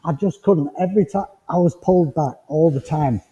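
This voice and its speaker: A rambling, chatty man works as a medium before a congregation, his voice fairly high but very mellow and dark in tone. He sounds recorded in a village hall, with a long reverb tail and a dull, muffled lo-fi quality. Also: fairly quick. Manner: chatty, rambling, gently reassuring. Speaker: spiritualist medium.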